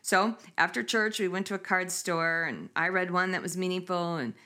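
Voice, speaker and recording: A woman's voice: fairly low pitch, moderate pace. A woman in her fifties hosting a casual chat, telling stories with laughter and acting out quotes. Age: 50s. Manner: animated, laughing, acts out quotes.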